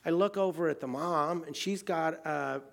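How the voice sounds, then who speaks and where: An American man telling a personal travel story in a casual way, full of fillers, swinging between excited outbursts and quiet, hushed moments. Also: fairly high pitch, moderate pace, vocal fry. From United States.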